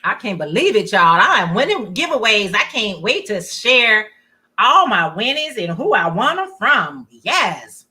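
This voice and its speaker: A woman's voice: medium pitch, very animated, moderate pace, bright, forceful tone. A middle-aged woman hosting a casual livestream, chatting and reading comments aloud, often saying "y'all". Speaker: livestream host.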